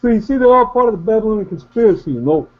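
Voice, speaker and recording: A man's voice: sits high, expressive, racing, voice pushed up. A man putting on a brash Brooklyn-style tough-guy voice as a jokey mock conspiracist, over lo-fi call audio. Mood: mock conspiratorial. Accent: Brooklyn-style put-on. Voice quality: exaggerated, jokey.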